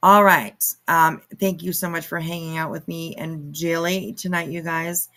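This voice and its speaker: A woman's voice: low voice, fairly even intonation, moderate pace, pushed and bright. A woman hosting her own commentary channel, reacting to clips in a sarcastic, mocking way and swearing freely.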